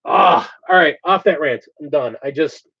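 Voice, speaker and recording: A man hosting a casual hobby chat show, talking in an animated, ranting way. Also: fairly high pitch, normal speed, husky. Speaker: host. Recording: dull lo-fi sound.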